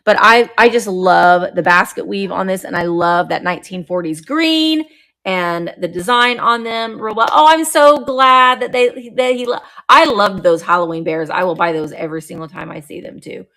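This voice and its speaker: A middle-aged woman hosting a live online auction of vintage items, chatting warmly and greeting viewers by name as she describes each piece. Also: medium pitch, normal speed. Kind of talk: live-stream sales chat.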